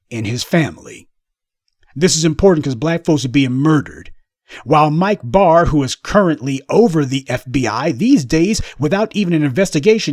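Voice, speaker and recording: A man's voice: fairly high pitch, dry recording, studio quality. A man giving a sarcastic, combative commentary monologue as the host of his own channel. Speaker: political commentator.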